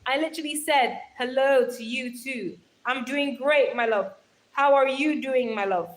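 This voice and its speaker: A woman's voice: sits high, a little slow, poor audio. Chatty young woman hosting a livestream. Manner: chatty, affectionate, calls viewers darling, laughs often. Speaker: livestream host. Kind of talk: casual livestream chat reading comments. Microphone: phone held in hand.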